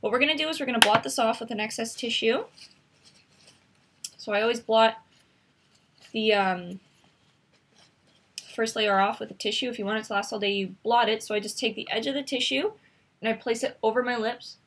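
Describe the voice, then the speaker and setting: A woman with a slightly high, husky voice walks viewers through a makeup routine step by step. She is chatty and instructive, talking as she works. Her tone stays easy and conversational throughout. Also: steady tone, fairly quick, pauses often, fairly bright tone. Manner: chatty, instructive, talks while demonstrating. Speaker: makeup tutorial host.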